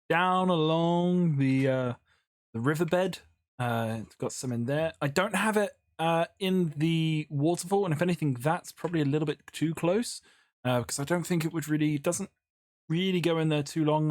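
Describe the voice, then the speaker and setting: A YouTuber rambles through a casual Minecraft building session, chatting away and frequently abandoning thoughts partway. The mid-range voice comes through at studio quality without any room sound.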